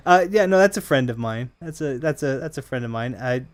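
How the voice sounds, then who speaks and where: A man casually chatting to viewers while he plays a video game, rambling and humming between remarks. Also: a little high. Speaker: streamer playing a video game. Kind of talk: casual live-stream commentary.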